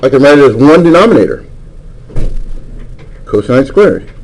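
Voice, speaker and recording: A man's voice: mid-range voice, very animated, moderate pace, darkish tone, rough recording. A man teaching a math class, lecturing and coaxing answers from students with frequent questions.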